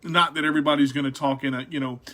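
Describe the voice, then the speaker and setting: A man's voice: a little high, fairly even intonation, very fast, fairly bright tone. A man hosting a casual radio interview, rambling with frequent restarts and repeated words. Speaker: radio show host.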